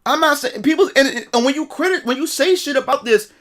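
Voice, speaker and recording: High voiced guy ranting on his stream, swears a lot, very up and down. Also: lively intonation, brisk, fairly bright tone. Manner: profane, repetitive storytelling. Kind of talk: casual livestream rant.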